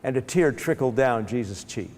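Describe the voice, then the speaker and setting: A man giving a lecture that retells a Bible story, in a lively storytelling manner with frequent restarts. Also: mid-range voice, normal speed, long reverb tail. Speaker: speaker.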